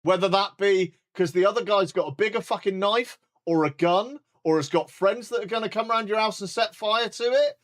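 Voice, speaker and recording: A man in his forties with a British accent, ranting bluntly and heatedly in a sweary live stream chat. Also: high voice. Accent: British English. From United Kingdom. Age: 40s.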